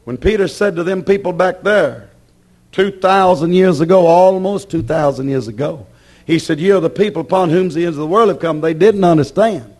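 A man preaching a sermon with passion, acting out his listeners' objections and swinging between loud declarations and hushed warnings. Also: fairly high pitch, moderate pace. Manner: voices imagined objections from the congregation.

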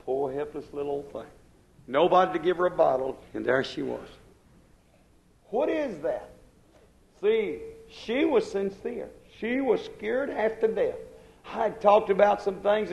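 A man's voice: sits high, creaky, darkish tone, dull audio. An older man preaching a sermon, emphatic, with a rising and falling preaching cadence.

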